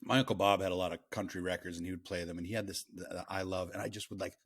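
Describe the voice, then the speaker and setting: A man hosting a casual podcast chat, animated and laughing often, often trailing off and restarting. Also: deep voice, racing, slightly rough. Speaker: podcast host and songwriter.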